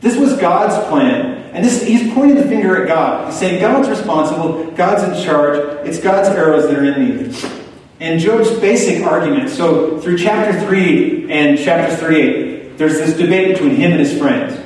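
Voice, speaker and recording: A man preaching a sermon in a conversational way, turning lively when he quotes other people. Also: a little high, normal speed. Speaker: pastor. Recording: echoey hall, far from the mic.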